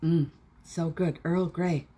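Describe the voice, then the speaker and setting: A middle-aged woman with a slightly husky, lower voice hosts a chatty morning live stream from home. She greets each viewer by name with cheerful warmth and talks in a relaxed, casual way. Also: slow. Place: home indoors.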